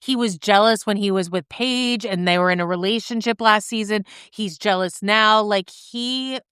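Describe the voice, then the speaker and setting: A woman's voice: medium pitch, moderate pace, a bit bright, clear, resonant tone, dry recording, studio quality. A woman guest on a podcast, chatting casually and gossiping emphatically. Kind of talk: casual chat.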